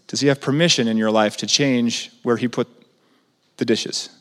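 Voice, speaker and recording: A man preaching a sermon as pastor, conversational and animated, asking the congregation questions and swinging between loud and soft. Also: mid-range voice, moderate pace, big-room sound.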